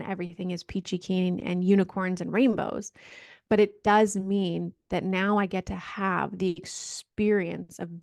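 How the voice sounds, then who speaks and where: Earnest woman with a gravelly edge. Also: mid-range voice, darkish tone, no echo, clean studio sound. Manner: earnest, reflective. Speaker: podcast guest. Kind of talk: reflective casual chat.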